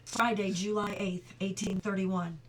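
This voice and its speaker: A middle-aged woman reading a novel aloud at home, steady and clear, now and then stopping for chatty asides. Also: medium pitch, unhurried, slight background noise. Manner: reads steadily, breaks off for chatty asides and laughter. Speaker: audiobook reader.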